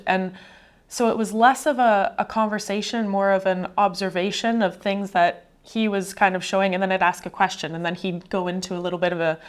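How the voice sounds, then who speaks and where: A woman's voice: medium pitch, steady tone, brisk, clean tone. A woman who works as a navigation officer, answering an interview question in a thoughtful, informal way with restarts.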